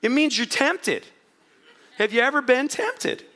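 A man preaching a sermon to a congregation, swinging from quiet asides to loud, impassioned moments. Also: extremely high pitch, a little slow. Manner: animated, swings from quiet asides to shouted prayers. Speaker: pastor.

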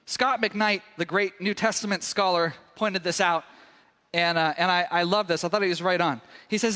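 A man preaching with a high, bright voice. He tells the story with animation, jumping into the characters with sudden loud outbursts. His voice carries through a large hall with a long, echoing reverb. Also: steady tone, moderate pace. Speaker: pastor. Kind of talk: sermon.

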